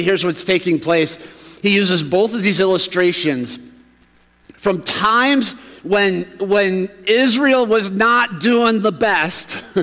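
A man preaching a relaxed, conversational sermon in a church sanctuary. His voice sits a little high for a man, and it carries a long reverb through the large hall. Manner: conversational, acts out townsfolk's reactions. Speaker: pastor.

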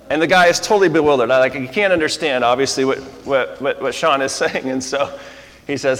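A man's voice: medium pitch, fairly quick, fairly bright tone. A man preaching a sermon, joking through a story before turning earnest. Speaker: pastor. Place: air-conditioned church hall. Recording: long hall reverb.

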